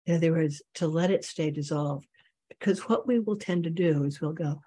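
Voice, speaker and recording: A meditation teacher giving a dharma talk and guiding a meditation, speaking slowly and in measured phrases with long pauses. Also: mid-range voice, dark tone, breathy edge.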